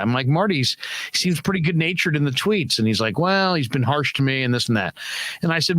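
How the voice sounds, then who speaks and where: A man hosting a casual sports post-game chat, animated and repeating himself. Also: mid-range voice, brisk, no room sound. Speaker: host.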